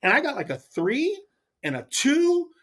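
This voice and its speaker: A middle-aged man from the US West Coast tells a story as a podcast guest. His pitch swings widely as he gets excited. He laughs often and stumbles over repeated words. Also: unhurried. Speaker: podcast guest, pro angler. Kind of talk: animated storytelling in casual chat.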